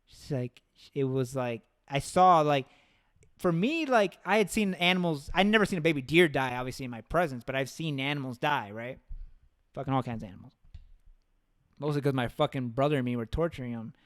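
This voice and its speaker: A man's voice: medium pitch, brisk, fairly bright tone. A man hosting a podcast, telling rambling stories in casual chat, swearing freely. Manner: rambling, profane storytelling. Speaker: podcast host.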